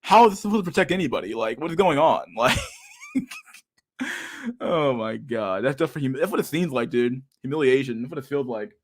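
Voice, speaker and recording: A man's voice: mid-range voice, animated, brisk. A man hosting a podcast in a casual, rambling rant, swearing constantly and laughing often. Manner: profane, rambling, says dude a lot, laughs often. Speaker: podcast host. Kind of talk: casual ranting chat.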